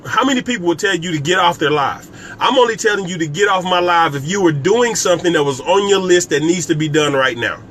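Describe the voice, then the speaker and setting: A man's voice: high-pitched, a bit bright, a little hiss or hum. A man hosting a motivational live stream on business and scripture, speaking emphatically, repeating key phrases and addressing viewers by name. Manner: talks directly to viewers by name. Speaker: network marketing coach hosting a live stream.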